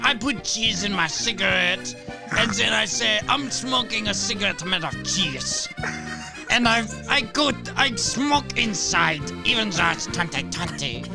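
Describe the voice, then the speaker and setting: A man's voice: sits high, expressive, measured pace, gravelly, over music, full character voice. A man voicing a boastful, crude French stand-up comedian in a fake French accent and broken English. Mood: absurd.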